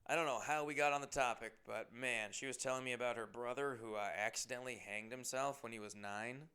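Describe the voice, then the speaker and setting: A man's voice: medium pitch, fairly even intonation, fairly quick, pushed and bright, smooth. A man hosting his own podcast, telling rambling, profane, self-deprecating stories in a casual monologue. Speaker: comedian and podcast host.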